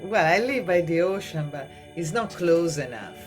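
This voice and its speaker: A woman's voice: fairly low pitch, lively intonation, normal speed, music in the background. A woman with an Italian accent, a filmmaker guest chatting casually from her son's room at home. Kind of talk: casual chat.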